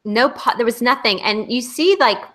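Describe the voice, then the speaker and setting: A woman's voice: a little high, moderate pace, fairly bright tone. A woman co-hosting a casual online hangout over a video call, critiquing bluntly and with emphasis. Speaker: co-host.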